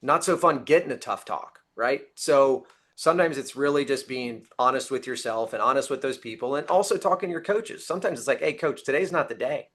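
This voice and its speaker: A man speaks as a panel guest, handing out blunt advice in an emphatic, coach-like way. His voice is mid-pitched for a man, and he keeps checking in with his listeners. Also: animated, brisk, fairly bright tone. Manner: emphatic, coaching tone, frequent "right?" tag. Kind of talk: casual panel discussion.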